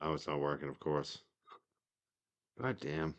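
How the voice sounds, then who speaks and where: A man's voice: extremely low pitch, animated, unhurried, vocal fry. A man from the North Shore of Massachusetts with its accent, hosting a casual livestream in a rambling, chatty way with lots of fillers. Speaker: livestream host.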